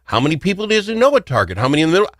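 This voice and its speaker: Lively, joking talk radio host. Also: male voice, on the high side, rapid-fire, no room sound. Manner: rambling, joking storyteller who laughs often. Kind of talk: casual talk radio chat.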